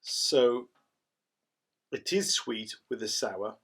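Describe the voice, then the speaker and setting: A man's voice: medium pitch, very slow, fairly bright tone, husky. A middle-aged man, chatting casually through a cider review and rambling as he goes. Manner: rambling, chatty, self-described waffler.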